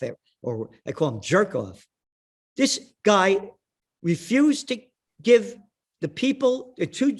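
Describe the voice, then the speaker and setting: A man telling heated, combative stories in a ranting monologue. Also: high voice.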